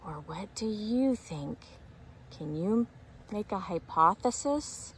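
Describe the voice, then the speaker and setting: A woman teacher reading a picture book aloud to preschoolers, gently explaining and asking them questions. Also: mid-range voice, animated, takes it slowly, a little hiss or hum. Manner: asks young listeners questions, explains gently.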